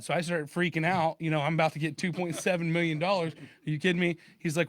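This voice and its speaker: This podcast co-host speaks fast with few pauses in a flat, fairly high voice, narrating a story in relaxed chat while playing both parties in a phone call. The sound is dry.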